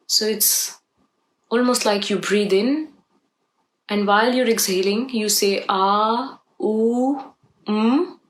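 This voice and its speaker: Slow, soft-spoken woman guiding meditation. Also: medium pitch, rough recording. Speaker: meditation guide. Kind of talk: guided meditation.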